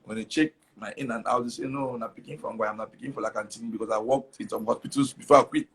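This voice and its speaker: A man's voice: medium pitch, steady tone, fast, slightly rough. A young man from Cameroon, telling his story animatedly in an interview, repeating words and slipping into Pidgin. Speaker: comedian guest.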